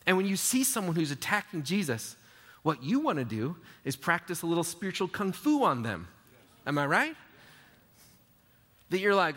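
A man preaching a sermon as pastor, conversational and lively, acting out quotes as he goes. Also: sits high, normal speed, pauses often. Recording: reverberant hall.

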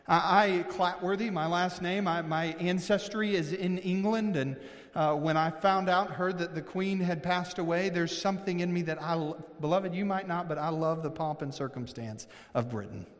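A man from Missouri preaching a sermon as pastor, earnest, slowing down for emphasis and often restarting his sentences. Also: high voice, in a large hall.

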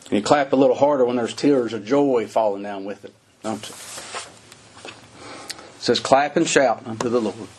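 A man's voice: mid-range voice, slight background noise. A middle-aged man preaching a sermon in a folksy, conversational way, asking his listeners rhetorical questions.

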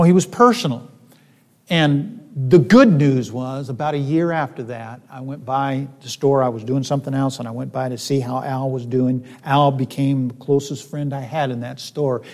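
A man's voice: medium pitch, darkish tone. A male pastor telling a personal story in a sermon, in a folksy, conversational way with many fillers and sudden emphatic peaks. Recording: reverberant hall.

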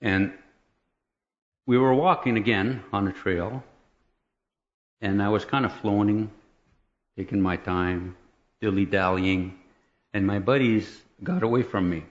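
A man telling a personal testimony as a lively story, often chuckling and checking in with "right?" and "okay?". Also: lowish voice, unhurried, long pauses, dull audio.

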